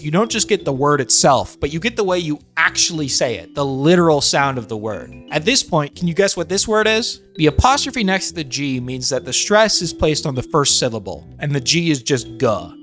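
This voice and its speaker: Brief: male host, slightly high voice, dry ironic humor, explainer narration. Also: sing-song, a little fast, hardly any pauses, a bit bright, soft background music. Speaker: online video host. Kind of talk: jokey explainer voice-over.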